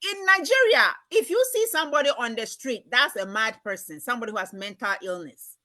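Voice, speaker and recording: Woman host, bright high voice, very lively pitch, earnest and chatty. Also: brisk, dry recording. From Ghana. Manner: earnest, expressive, many fillers. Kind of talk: casual chat.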